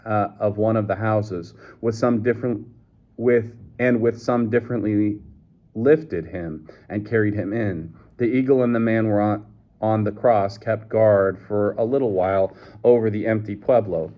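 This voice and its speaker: Low-voiced man reading a novel aloud. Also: steady tone. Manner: measured, with slips and restarts. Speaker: reader. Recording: dull lo-fi recording.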